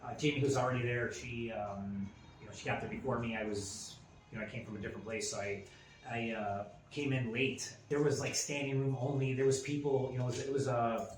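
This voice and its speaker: A man's voice: mid-range voice, steady tone, brisk. A man in his forties tells a personal story on a podcast in a mid-range voice. He rambles, doubling back with fillers and restarts. The room is echoey, with a faint ambient hiss underneath. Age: 40s. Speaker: podcast co-host. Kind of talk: casual chat. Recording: roomy echo with faint ambient noise.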